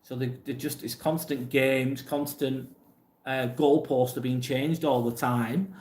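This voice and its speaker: An English man talks casually and bluntly through a live stream, reading out viewers' messages and giving straight answers. His voice sits at an ordinary middle pitch. The room around him is echoey. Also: steady tone, a little slow, darkish tone. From England. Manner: blunt, plain-spoken, swears casually. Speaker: livestream host reading chat.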